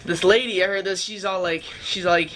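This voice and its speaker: A man's voice: sits high, fairly even intonation, moderate pace, pushed and bright. A young man vlogging, telling a rambling, profane story full of fillers. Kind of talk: casual storytelling. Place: California trip, downtown L A.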